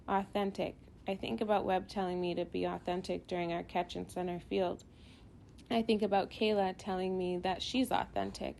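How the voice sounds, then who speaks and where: Woman narrating with a gravelly, mellow voice. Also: lowish voice, normal speed, a little hiss or hum. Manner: reflective, even storytelling. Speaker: audiobook narrator. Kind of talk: first-person scripted narration.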